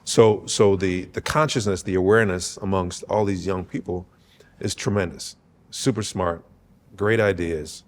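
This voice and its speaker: A man's voice: low voice, fairly even intonation, unhurried. A man speaking as a podcast guest, earnest and emphatic, often checking in with "right?". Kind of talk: conversational interview.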